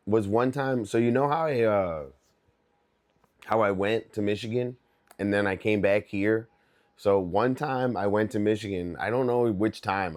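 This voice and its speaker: A man's voice: lowish voice, a little mellow. A young man chatting casually on a livestream as he works on his art, telling rambling stories full of swearing and loose asides. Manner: rambling, profane, loose storytelling. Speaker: artist livestreaming.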